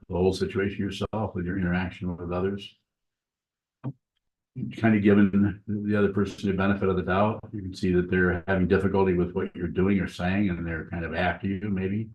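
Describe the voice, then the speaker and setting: Man, Zen teacher, dharma talk, low voice, conversational and repetitive. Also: darkish tone.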